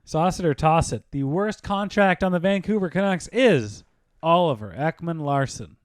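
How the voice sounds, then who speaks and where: Male podcast host, slightly high voice, brisk prompts, dry close mic. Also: lively intonation, dry recording. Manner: brisk quiz-style prompts. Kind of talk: casual podcast chat.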